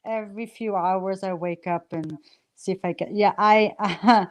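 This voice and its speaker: A woman from Canada, a singer-songwriter guest, telling stories in a giggly, animated way during a casual interview. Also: mid-range voice, a little slow.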